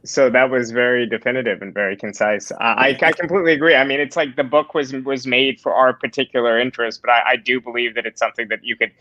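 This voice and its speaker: A man's voice: mid-range voice, fairly even intonation, quick pace, hardly any pauses, bright, forceful tone, no room sound, muffled recording. A man hosting a panel discussion, talking casually with frequent fillers and restarts. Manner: hesitant, many fillers and restarts. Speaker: host and moderator.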